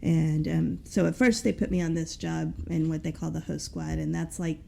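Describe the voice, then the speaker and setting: A woman's voice: sits low, steady tone, moderate pace, creaky, a little mellow. A woman guest in an interview, telling her personal story in an earnest, rambling way with many fillers.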